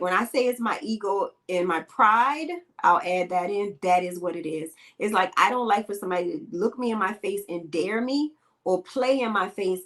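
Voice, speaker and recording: A woman hosts a podcast, telling stories and sharing casual opinions into a microphone. Her speech is slangy, blunt and emphatic, and her medium-pitched voice sounds a bit bright.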